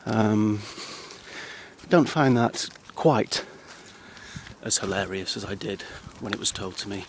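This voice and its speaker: A man with a low, gravelly voice rambles very slowly outdoors on a countryside path. He keeps stopping and restarting on ums. His tone is dry and self-deprecating throughout. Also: a little hiss or hum, rough recording. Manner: hesitant, halting, full of ums and restarts. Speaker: comedy vlogger. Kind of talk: rambling deadpan monologue.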